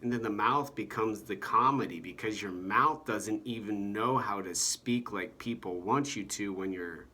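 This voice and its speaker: A man giving a meandering monologue about comedy, halting often and filling gaps with "you know" and "like". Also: on the low side, bright, forceful tone.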